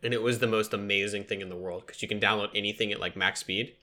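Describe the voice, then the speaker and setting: A man's voice: fairly low pitch, fairly even intonation, quick pace, bright, forceful tone. A man co-hosting a podcast in casual chat, joking and laughing often. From Irish heritage. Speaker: podcast co-host.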